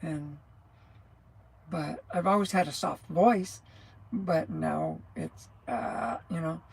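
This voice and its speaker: A woman in her sixties chats slowly and loosely on a livestream, drifting off topic and laughing. Her voice is gravelly and scratchy with a rattle. It also sounds a bit husky. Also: low-pitched, darkish tone. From New Mexico. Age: 60s. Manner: rambling, loses her train of thought, laughs often. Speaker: livestream host, truck driver. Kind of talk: casual livestream chat.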